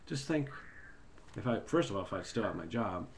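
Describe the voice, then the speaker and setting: A man with a lowish voice and lively intonation speaks briskly over slight background noise. A video blogger, he rants into a webcam about politics in a casual, rambling, heated way, repeating himself as he goes.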